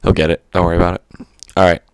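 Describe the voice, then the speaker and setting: Deep, smooth-voiced man rambling commentary. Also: little pitch movement, fast, no echo. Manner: rambling, stuttery, frequent fillers; casual, offhand swearing. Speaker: gaming commentator. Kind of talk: unscripted gameplay commentary.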